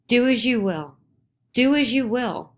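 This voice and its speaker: A woman's voice: fairly high pitch, animated, measured pace, pitched above the performer's own voice. A woman voicing a fearful yet firm wife in a dramatized play reading, strained and pleading.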